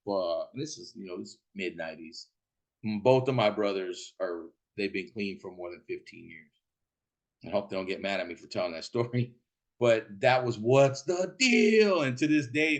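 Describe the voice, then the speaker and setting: A man casually telling a rowdy, profane story, laughing as he goes and acting out the people in it. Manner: profane, laughing, acts out quotes in a shouting high voice. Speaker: podcast host.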